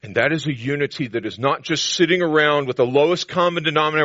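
A man preaching a sermon to a congregation, building to loud, emphatic declarations between calmer teaching passages. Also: a little high, fast, few pauses, no room sound, highs cut off. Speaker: pastor.

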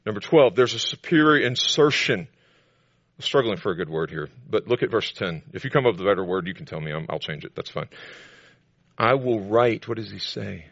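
A man preaching a sermon to a congregation, building to loud, emphatic declarations between calmer teaching passages. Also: lowish voice, moderate pace, vocal fry, no echo, lo-fi sound. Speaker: pastor.

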